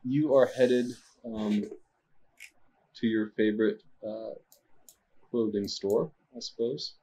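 A man's voice: fairly low pitch, takes it slowly, warm tone, husky. A man narrating as game master of a tabletop game, hesitant and full of fillers.

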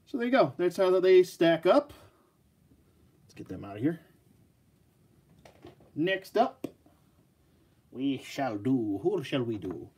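A man with a fairly high voice that swings up and down a lot, hosting a live action figure review. He rambles and jokes as he talks to his viewers, in a casual, off-the-cuff way. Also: sing-song, slow, pauses often, darkish tone, breathy edge.

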